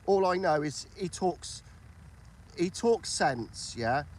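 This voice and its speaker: Chatty British man, slightly high voice. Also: animated, slow pace. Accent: British English. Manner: chatty, repeats himself, asks for agreement. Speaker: livestream host. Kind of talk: casual political chat.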